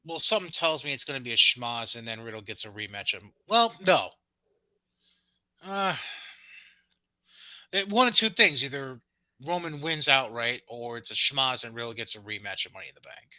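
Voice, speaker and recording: A man's voice: mid-range voice, normal speed, pauses often, pushed and bright, dry recording, low-quality recording. A man co-hosting a podcast, casually recapping wrestling shows with sarcastic, dismissive asides and frequent ums. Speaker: podcast co-host.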